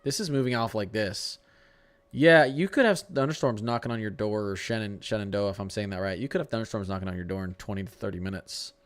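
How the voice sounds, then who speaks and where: A man with a fairly low voice hosts a live severe-weather stream, talking his viewers through the radar and the models. His delivery is loose and conversational. He restarts sentences and fumbles over tricky place names. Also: fast talker. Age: adult with a young son. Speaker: livestream weather host. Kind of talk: casual live-stream weather commentary, answering chat.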